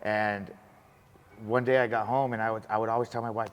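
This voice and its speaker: A man chatting on a podcast, telling a lively story, acting out the dialogue and calling people bro. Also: on the low side, fairly quick, clean tone. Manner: animated, acts out dialogue, says bro. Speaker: podcast guest. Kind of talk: casual storytelling chat. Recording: long roomy reverb.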